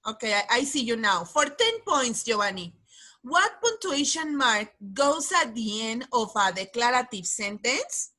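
A woman teaches English to children over a video call, running an online class quiz game and encouraging pupils by name. Her voice is a little high and sing-song, bright and forceful, at a measured pace.

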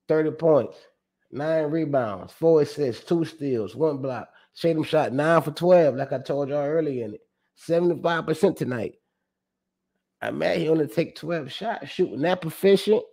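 Male sports host, fairly high voice, energetic, loose and slangy, repeats his points. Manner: animated, slangy and profane, reciting stats with emphatic repeats. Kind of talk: casual sports commentary.

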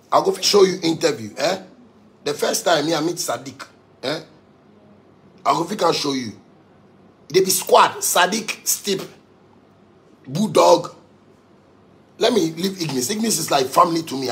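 Heated gravelly Ghanaian man ranting. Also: fairly high pitch, a bit bright. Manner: heated, profane, repetitive. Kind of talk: angry rant.

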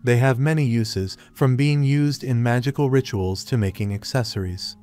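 Man, story recap narrator, even flat delivery, mid pitch, faint music underneath. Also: normal speed. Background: soft background music.

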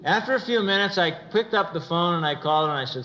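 A middle-aged American man giving a motivational church talk, telling a humorous story with lively delivery. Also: on the high side, brisk, few pauses, dull audio. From United States. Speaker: church speaker. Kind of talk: motivational sermon.

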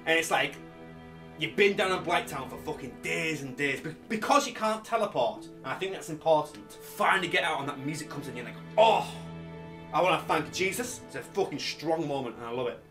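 A young man giving loud, excitable, swear-filled gameplay commentary, shouting often. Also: a little high, fairly quick, far from the mic, music in the background. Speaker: gaming YouTuber.

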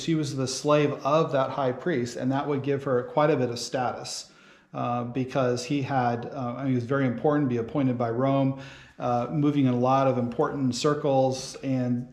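A man's voice: medium pitch, darkish tone. A man teaching a casual Bible study sermon in a church, rambling with many fillers and restarts. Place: church hall. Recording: roomy church hall sound.

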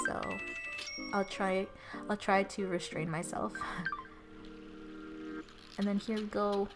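A young woman giving casual commentary over her gameplay footage, rambling and giggling as she loses her train of thought, at home. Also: medium pitch. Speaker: let's play gamer. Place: at home with her cat on her lap. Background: game music.

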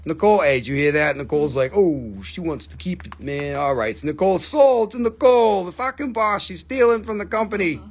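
A man's voice: high voice, lively intonation, brisk, hardly any pauses. A man hosting a live rock sale, rambling and joking, often forgetting names and swearing casually. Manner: forgetful, filler-heavy. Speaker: host selling rocks on a live stream. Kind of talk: casual live sales chat.

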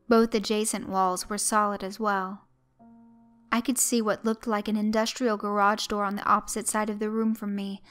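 A woman narrating a horror story in a measured, even way. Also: mid-range voice.

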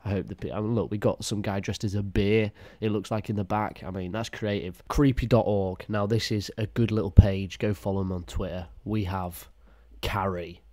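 A man giving crude, mocking reaction commentary with deadpan asides. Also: lowish voice, moderate pace, no echo. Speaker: YouTube commentator.

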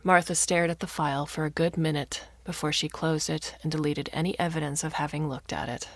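A woman reading a science fiction story aloud as narrator, with expressive delivery. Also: deep voice, fairly quick, dry recording.

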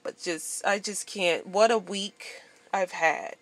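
A woman's voice: mid-range voice, takes it slowly. Blunt, profane woman venting. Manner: blunt, profane, animated storytelling. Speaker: vlogger. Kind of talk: venting monologue to camera.

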